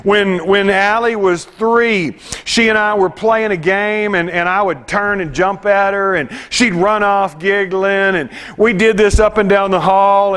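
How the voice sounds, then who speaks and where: A man's voice: sits high, a bit bright, smooth. A man preaching a sermon, reading scripture and then telling personal stories in a conversational, self-deprecating way, with frequent restarts. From United States.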